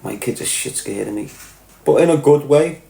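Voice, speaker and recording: A man's voice: on the high side, lively intonation, moderate pace, gravelly, noisy background. A man with a Liverpool accent hosting a livestream, talking bluntly and swearing as he reads out chat. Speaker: livestream host reading chat. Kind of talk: casual livestream rant. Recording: roomy echo.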